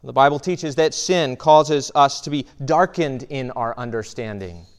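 A man's voice: medium pitch, unhurried, smooth. A man, a pastor, preaching a sermon in a conversational way, often checking in with "right?" and restarting phrases.

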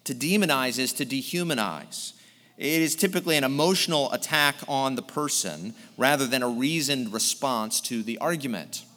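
A man's voice: medium pitch, expressive, normal speed, pushed and bright. A male pastor preaching an earnest sermon, explaining a text verse by verse. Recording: long hall reverb.

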